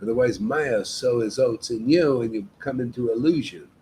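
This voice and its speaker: A man's voice: mid-range voice, moderate pace, darkish tone, slight background noise, low-quality recording. A man leading a devotional meetup, giving an informal spiritual talk in an emphatic, exhorting way and often addressing listeners as "man".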